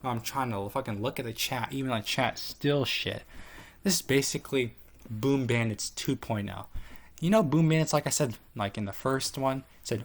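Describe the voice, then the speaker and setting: Sex: man. Role: tier list commentator. Style: casual profane commentary. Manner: rambling, full of fillers, mid-pitched voice. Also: moderate pace.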